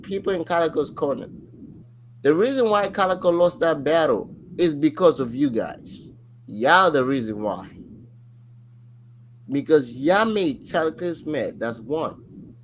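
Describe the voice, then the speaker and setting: A man co-hosting a podcast in casual chat, telling a story in an animated, rambling way full of fillers. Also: mid-range voice, a little hiss or hum. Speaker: podcast co-host.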